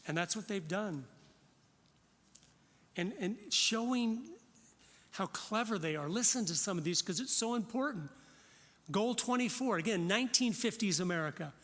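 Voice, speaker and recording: A man's voice: high voice, expressive, moderate pace, long pauses, fairly bright tone. Fervent man preaching in a reverberant hall. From Florida. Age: 50s. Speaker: conference speaker. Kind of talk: impassioned conference talk. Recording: long reverb of a large hall.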